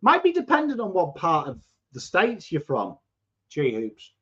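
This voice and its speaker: English man hosting a live sports watchalong: coarse voice, fairly high, excitable, swears a lot, dull lo-fi audio. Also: moderate pace. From England. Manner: chatty, excitable, swears, bursts into shouts at play. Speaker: watchalong host. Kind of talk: live football watchalong chat, reading viewer comments.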